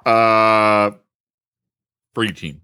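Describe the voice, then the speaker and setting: A man's voice: fairly low pitch, steady tone, extremely slow, pushed and bright, smooth, dry recording, studio quality. A man co-hosting a podcast, chatting in a laid-back way with joking banter. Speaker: podcast co-host. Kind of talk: casual chat.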